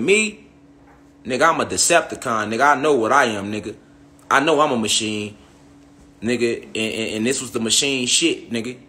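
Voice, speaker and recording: A young man who comments on spiritual topics online rants at his followers in a heated, profane monologue, repeating himself and firing off tag questions. His voice is mid-range with a sharp tone.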